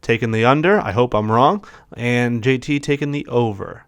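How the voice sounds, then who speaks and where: Upbeat guy cohosting a podcast, smooth voice, reading off numbers and asking his buddy stuff. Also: medium pitch, moderate pace. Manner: upbeat, reads market forecasts aloud and quizzes his partner. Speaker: podcast co-host, realtor. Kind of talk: casual podcast chat.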